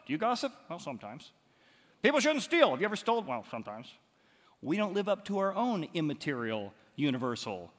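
A man preaching a sermon, animated, moving from loud emphatic lines to quiet ones. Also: mid-range voice. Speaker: pastor. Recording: long hall reverb.

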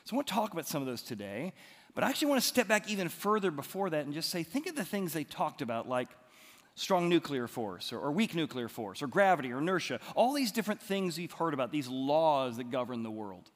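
A pastor preaches a sermon, telling stories in a conversational way and lifting his voice for emphasis. His voice sits a bit high for a man. The sound rings with a long reverb, as if it were recorded in a church sanctuary. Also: big pitch swings, fast talker.

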